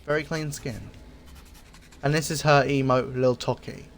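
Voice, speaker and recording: A man giving a casual review of game items, speaking in an easygoing, rambling way and often pausing with fillers. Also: medium pitch, soft background music. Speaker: gaming video creator.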